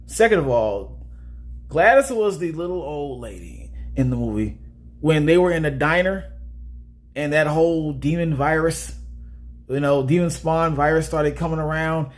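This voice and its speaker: A man's voice: a little high, expressive, moderate pace. A man casually talking through a movie review in a chatty way, often checking in with "all right?".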